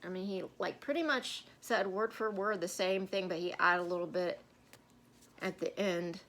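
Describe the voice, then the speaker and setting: A woman's voice: on the low side, fairly even intonation, normal speed, fairly bright tone. Woman rambling through a casual story. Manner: rambling storytelling with many fillers. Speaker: co-host. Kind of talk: casual Bible-study chat.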